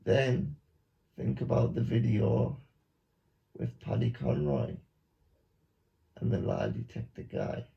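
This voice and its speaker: Slow gravelly man, mock hypnosis. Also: medium pitch, sing-song. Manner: slow, repetitive, coaxing instructions. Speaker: YouTuber. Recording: dull lo-fi recording.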